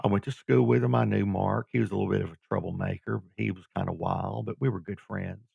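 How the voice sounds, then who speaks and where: A middle-aged man from Georgia, a guest telling his life story in an animated way, acting out what people said. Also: lowish voice, quick pace, gravelly, slightly rough, dry recording, dull audio. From Georgia, USA. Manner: animated storyteller who acts out quoted voices. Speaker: guest, former pro wrestler. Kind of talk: storytelling interview.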